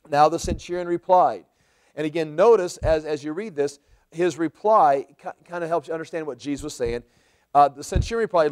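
A man's voice: a little high, moderate pace, darkish tone. A man preaching a sermon in a church, explaining scripture verse by verse and rephrasing points as he goes. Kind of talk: sermon, verse-by-verse Bible teaching.

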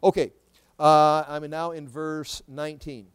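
High-voiced man teaching scripture. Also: little pitch movement, unhurried, clear, resonant tone. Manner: reads scripture aloud with emphasis, then explains in plain conversational asides. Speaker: Bible teacher. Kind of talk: verse-by-verse Bible teaching.

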